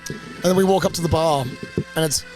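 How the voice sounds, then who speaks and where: A young man co-hosting a podcast, telling travel stories in a lively, laughing, foul-mouthed way. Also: fairly high pitch, brisk, over music. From Australia. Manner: animated, laughing, swearing storyteller. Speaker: podcast co-host. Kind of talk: casual travel storytelling.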